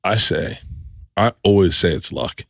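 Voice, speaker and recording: A man's voice: deep voice, creaky, dry recording. Man telling stories on a podcast, dry sound. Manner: energetic, swearing, storytelling with quick restarts. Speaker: podcast host. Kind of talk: casual chat.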